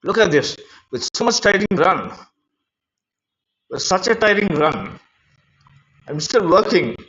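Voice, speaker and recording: A man's voice: high-pitched, lively intonation, fairly bright tone. Distressed man pleading on a live stream. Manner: halting, repeats words, pleading and aggrieved. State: distressed, close to tears. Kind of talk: rambling live-stream monologue. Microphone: phone mic. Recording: lo-fi phone screen recording.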